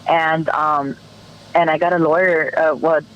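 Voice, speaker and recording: A woman's voice: deep voice, fairly even intonation, a little slow, lo-fi sound. A woman guest on a podcast telling a personal story in an earnest, emotional way, often restarting her sentences.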